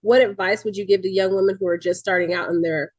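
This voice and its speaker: A woman hosting an interview, supportive and quick to affirm her guest. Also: mid-range voice, fairly even intonation, no echo, dull audio. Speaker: host. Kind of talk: casual interview.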